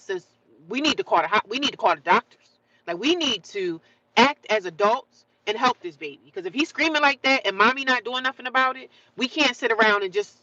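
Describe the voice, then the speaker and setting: A woman's voice: a little high, bright, forceful tone, lo-fi sound. A woman hosting a casual livestream, talking straight to her viewers, greeting them by name and often repeating herself as she goes. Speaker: livestream host.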